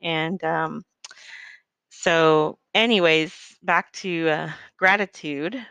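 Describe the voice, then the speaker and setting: A middle-aged woman speaks in a heartfelt, faith-based monologue, earnest and meandering with many fillers. Her voice sits a little low and sounds smooth and clear. The recording is close and dry, with no room sound. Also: drawn-out words, fairly bright tone, no echo.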